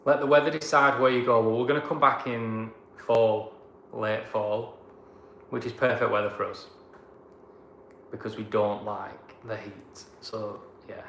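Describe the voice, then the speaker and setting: A man's voice: on the low side, fairly even intonation, measured pace, gravelly, a bit bright. Give me an easygoing Lancashire man chatting in an echoey room. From Blackburn, England. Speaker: travel vlogger reading viewer comments. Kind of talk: casual live-chat Q&A. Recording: echoey room with background noise.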